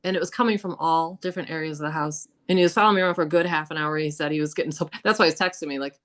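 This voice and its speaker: Woman guest telling spooky house stories, kinda low voice, chatty w lots of "like"s, acts out what people said. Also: racing. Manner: animated, with laughs, many "like"s and acted-out quotes. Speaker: podcast guest. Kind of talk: casual storytelling about hauntings.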